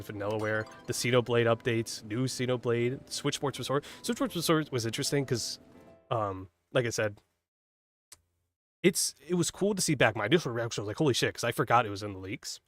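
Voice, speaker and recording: Give me a fast-talking man in casual gameplay commentary, rambling and filler-heavy, with faint music behind. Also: mid-range voice. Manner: rambling, filler-heavy, swears, laughs at own mistakes. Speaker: gaming streamer. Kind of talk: casual commentary while playing.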